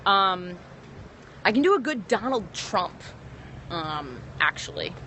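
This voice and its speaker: Sing-song and sharp, with a mid-range voice, she takes things slowly. She's a young stand-up comedian chatting on a livestream from a city street into her phone, rambling, saying um a lot and fixing her own words, as traffic hums faintly.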